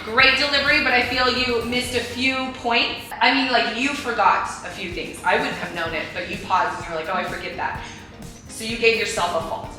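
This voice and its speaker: A woman's voice: on the high side, steady tone, fairly quick, sharp tone. A woman hosting a family vlog as a homeschooling mom, grading her kids, emotional and laughing, teary. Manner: gushing, emotional, laughing often. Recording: echoey room with music behind.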